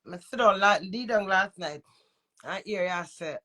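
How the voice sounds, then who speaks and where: A woman's voice: mid-range voice, a little slow, fairly bright tone. A woman with a Jamaican accent and a runny nose, ranting in heated, profane patois. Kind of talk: angry rant to camera.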